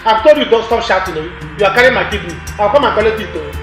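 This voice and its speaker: A man's voice: high voice, animated, fast talker. A man, playing a comedian who teases the people around him with repeated playful jokes. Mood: teasing. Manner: playful, teasing, repetitive banter. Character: joking wedding comedian teasing guests. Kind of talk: film acting. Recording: roomy echo with faint music.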